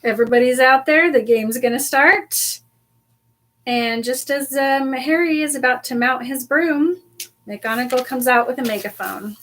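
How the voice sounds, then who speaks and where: A woman co-hosting a live podcast, recapping a book chapter in casual chat, animated and laughing often as she acts out the characters. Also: high voice, unhurried. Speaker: podcast co-host.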